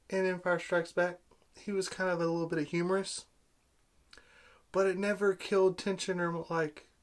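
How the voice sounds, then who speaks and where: A man giving an angry, sarcastic movie review rant, exasperated and repeating himself. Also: high voice. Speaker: video blogger.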